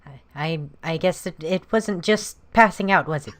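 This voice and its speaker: A woman playing a tabletop role-playing game in character, in a halting and unsure way. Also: on the low side. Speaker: player.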